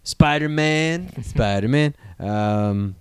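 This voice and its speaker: A man rambles through a casual podcast chat, joking and swearing freely. His voice is smooth and clear at a middling pitch. It sits dry and close on the mic. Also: lively intonation, drawn-out words, dry recording. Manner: profane, jokey, rambling. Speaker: podcast co-host.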